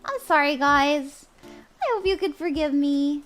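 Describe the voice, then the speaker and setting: A woman's voice: high-pitched, unhurried, a bit bright, faint music behind. A young woman reading tarot on a live stream in a bubbly, giggly put-on voice, often flustered and apologetic. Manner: bubbly, giggly, flustered while fixing audio.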